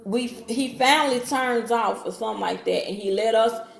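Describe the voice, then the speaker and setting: A woman tells a personal story in a loose, rambling way, often restarting her sentences. Her voice has a gravelly, fry-laden edge. The sound has a noticeable echo from the room around her. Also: on the high side, moderate pace. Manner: rambling, restarts and acts out dialogue. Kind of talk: casual storytime.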